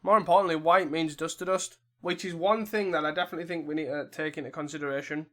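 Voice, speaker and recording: A man's voice: fairly high pitch, fairly even intonation, fast talker, a bit bright. A man casually commentating his own online card game, muttering his plays and grumbling at his own mistakes. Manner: muttering, self-critical, exasperated. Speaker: gameplay commentator.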